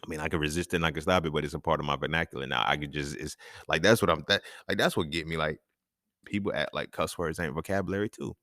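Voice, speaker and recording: A man's voice: a bass voice, fairly even intonation, fast talker, a bit bright, dry recording, clean studio sound. A man hosting his own talk show, delivering a casual, profane monologue full of slang and laughter. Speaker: podcast host.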